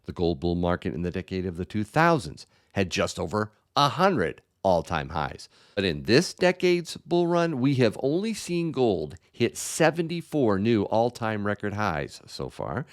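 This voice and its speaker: An older man hosting a chat about gold, talking in a lively, animated way. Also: on the low side, normal speed. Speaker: channel host. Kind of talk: casual chat and commentary.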